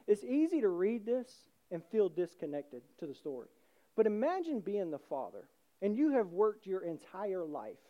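A male pastor preaching a conversational sermon, swinging from loud asides to hushed, earnest lines and acting out the voices in the story. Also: high voice.

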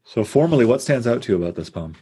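A man leading a casual, thoughtful discussion of a poem, reflective and unhurried. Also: medium pitch, big pitch swings, dark tone, slightly rough. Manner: thoughtful, reflective, reads verse slowly.

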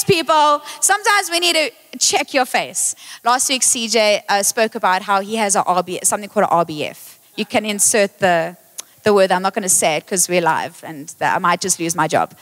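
A woman preaching a lively live sermon in a church, excitable, playful and self-mocking, speaking on a handheld microphone. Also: mid-range voice, normal speed. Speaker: worship leader preaching. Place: church auditorium, live service. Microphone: handheld mic. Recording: long reverb of a church hall.

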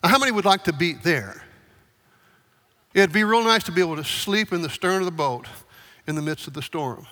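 A man's voice: sits high, expressive, a little fast, pauses often, sharp tone. A man preaching a sermon who talks conversationally and keeps asking the congregation questions. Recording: long hall reverb.

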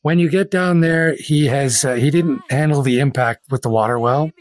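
A man narrating a tabletop game as game master in a relaxed way with fillers. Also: medium pitch, normal speed.

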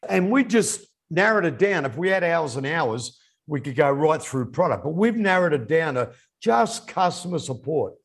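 A man's voice: a little high, normal speed, breathy edge. A man co-hosting a casual business chat, telling stories with animation. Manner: animated storyteller. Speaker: podcast co-host.

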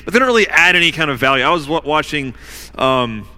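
Bright-voiced male pastor preaching in a hall. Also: medium pitch, animated. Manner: conversational preaching with fillers, dramatic slowed emphasis. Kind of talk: sermon. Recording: long hall reverb.

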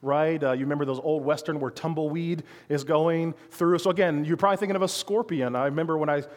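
A man's voice: on the high side, steady tone, fast, big-room sound. A man giving a sermon as a pastor, speaking conversationally and asking his listeners frequent rhetorical questions.

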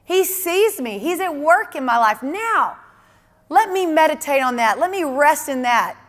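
Woman preacher, high voice, earnest and emphatic, repeats for stress, reverberant hall sound. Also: animated, unhurried, fairly bright tone. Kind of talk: sermon.

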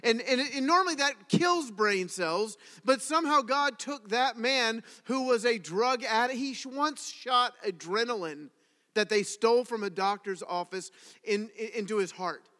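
A man preaching a sermon to his congregation, telling stories in an animated way and asking the audience questions. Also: very high voice, a little slow. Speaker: pastor. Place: congregation hall. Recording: reverberant hall.

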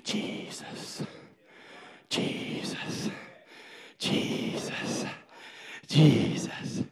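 Guy preaching, high voice, shouts a lot, big swings. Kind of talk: sermon.

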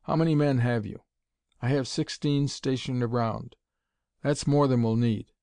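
A man's voice: medium pitch, steady tone, unhurried, warm tone, no room sound, studio quality, lightly acted. A man reading an audiobook, voicing an eager, commanding male scientist-detective in a raised, urgent voice. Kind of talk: audiobook character voice.

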